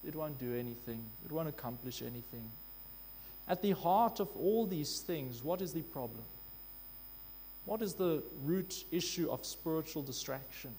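A man's voice: fairly high pitch, a little mellow. A man preaching a sermon in a church hall, emphatic, repeating key phrases for weight. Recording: long hall reverb with faint mains hum.

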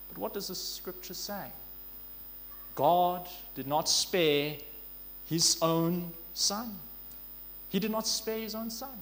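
High-voiced preacher in a reverberant hall. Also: male voice, gravelly, slight background noise. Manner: earnest, rhetorical questions, slow emphatic stresses. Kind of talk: sermon.

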